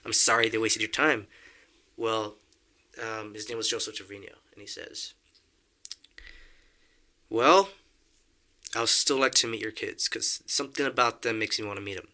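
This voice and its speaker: Bright-voiced man telling a story. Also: on the low side, moderate pace, pauses often. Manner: animated storyteller, acts out quotes, laughs often. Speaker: podcast guest. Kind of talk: casual storytelling.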